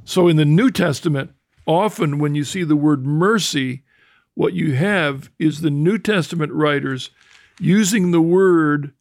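An older man hosts a teaching talk with a slightly high, gravelly voice. He explains thoughtfully, restarts his phrases, and slows down for quotations. The sound is dry and close. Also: no room sound. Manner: thoughtful, explains with restarts and quotes scripture slowly. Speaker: host.

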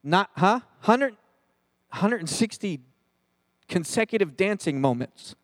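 High-voiced, lively man preaching. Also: takes it slowly, no room sound. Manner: animated, jokey, talks straight to the crowd. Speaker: pastor. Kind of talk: comedic youth sermon.

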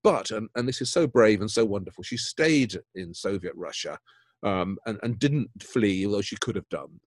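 A man's voice: on the low side, normal speed, no room sound. A man, co-hosting a podcast and talking eagerly about art, often repeating words as he gets carried away. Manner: enthusiastic, repeats words when excited. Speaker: podcast co-host. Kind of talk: casual chat about art.

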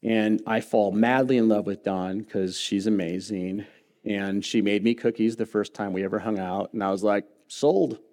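A man's voice: lowish voice, fairly even intonation, normal speed, darkish tone. A man in his thirties, a pastor preaching a sermon in a church, telling a personal story with humor and earnest feeling. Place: church sanctuary.

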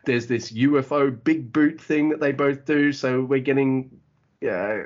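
A man with an average-pitched voice recaps a match for a podcast, casual and full of uhs and likes. He curses cheerfully when something impresses him. The sound is dull and lo-fi. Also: measured pace, darkish tone. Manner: enthusiastic, filler-heavy, swears casually. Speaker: podcast co-host.

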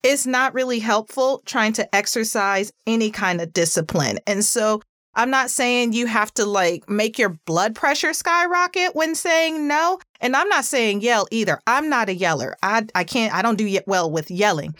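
A woman hosting a parenting talk, chatty and earnest, with a pitchy voice and plenty of "like" fillers. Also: normal speed, fairly bright tone, dry recording, clean studio sound. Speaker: parenting podcast host. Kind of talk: casual advice talk.

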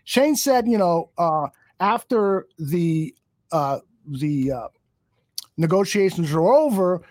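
A man's voice: high voice, animated, slow pace, a little mellow, dry recording. Angry profane man ranting on a podcast. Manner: angry, profane, rambling with restarts. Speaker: podcast host. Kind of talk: heated podcast rant.

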